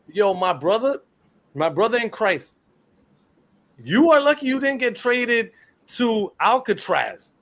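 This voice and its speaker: A man rants bluntly about his team, swearing freely and pushing the point hard. His voice sits high for a man. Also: a little slow, long pauses. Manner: blunt, profane, animated. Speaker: podcast co-host. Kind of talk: heated sports rant.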